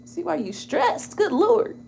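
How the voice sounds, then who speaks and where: A woman, hosting a casual chat to her viewers, animated, exclaiming and laughing as she talks. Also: extremely high pitch, takes it slowly, creaky, slight background noise. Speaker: tarot channel host.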